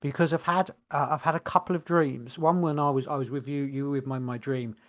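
A man's voice: medium pitch, fairly even intonation, fairly quick. A man co-hosting a podcast, rambling and searching for words with many restarts. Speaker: podcast co-host. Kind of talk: casual chat.

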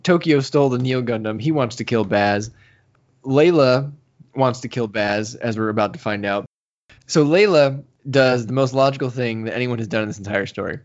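A man's voice: medium pitch, normal speed. A man co-hosting a podcast, casually recapping a manga and acting out the characters' lines. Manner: animated storytelling, acts out characters' lines. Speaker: podcast co-host. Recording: slightly dull lo-fi audio.

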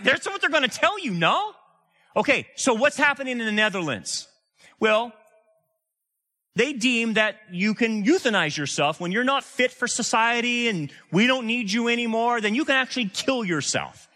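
A middle-aged male pastor preaching a sermon, animated and sarcastic, with casual slang and big swings between loud and hushed delivery. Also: high voice.

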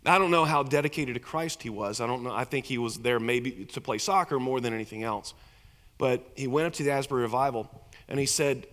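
A man's voice: medium pitch, a little fast, fairly bright tone. A middle-aged man preaching a storytelling sermon in a church, earnest and repeating words as he builds emphasis. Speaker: pastor. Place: church sanctuary. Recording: echoey hall reverb.

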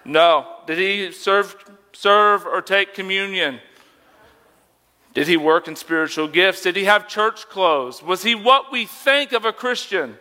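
A man's voice: high-pitched, unhurried, pushed and bright, in a large hall. A young man preaching a sermon as a youth pastor, conversational and emphatic, asking rhetorical questions.

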